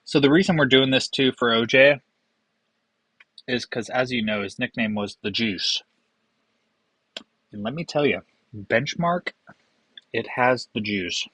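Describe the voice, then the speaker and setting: Bright, dry-voiced joking man. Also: medium pitch, husky, no echo, low-quality recording. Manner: rambling, joking, profane asides. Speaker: whiskey vlogger. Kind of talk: casual on-camera whiskey tasting.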